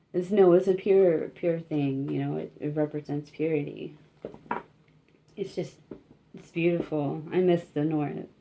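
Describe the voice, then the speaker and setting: A young woman gives a casual tarot reading, rambling self-consciously, laughing often, and peppering her speech with "like" and "you know." Her voice sits low and sounds mellow.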